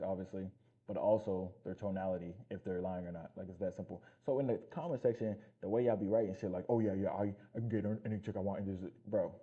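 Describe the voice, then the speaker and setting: Low-voiced guy, real quick and blunt, swears a lot, kinda dull lo-fi sound. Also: slightly rough. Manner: blunt, profane, emphatic. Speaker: fitness coach. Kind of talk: casual motivational talk to camera.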